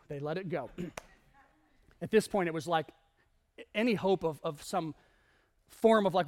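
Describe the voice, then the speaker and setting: A male pastor preaching to his congregation, telling a story with animated asides. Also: high voice, moderate pace. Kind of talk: sermon. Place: church in front of a congregation.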